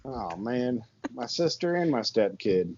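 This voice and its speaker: Male podcast host, laid-back and rambling, middle pitch, dull lo-fi home recording. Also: sing-song, unhurried, a little mellow, slight background noise. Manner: rambling, laid-back, lots of fillers and laughs. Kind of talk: casual chat. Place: his barn with the door open and a fan on.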